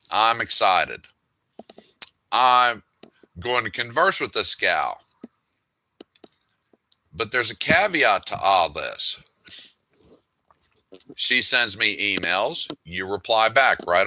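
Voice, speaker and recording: Casual male author, middle-aged, lowish bright tone, dry close sound, sardonic. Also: dry recording. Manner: wry, exasperated asides. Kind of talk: casual monologue reading emails aloud.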